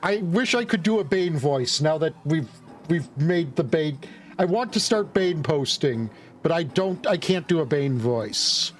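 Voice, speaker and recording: A man's voice: fairly high pitch, expressive, a little slow. A male streamer giving casual, rambling commentary while playing a game. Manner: chatty, rambling asides. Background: game music.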